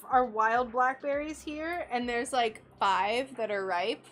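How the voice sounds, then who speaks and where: A woman's voice: on the high side, slow, few pauses, a bit bright. A woman hosting a craft livestream, chatting casually and laughing often as she reads viewer comments. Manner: chatty and giggly, with frequent laughter. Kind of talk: casual chat while working, reading viewer comments. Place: home workshop in Florida.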